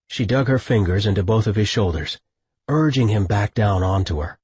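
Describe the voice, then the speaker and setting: Male audiobook narrator, husky, low voice, dry close studio sound. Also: expressive, normal speed, darkish tone, dry recording.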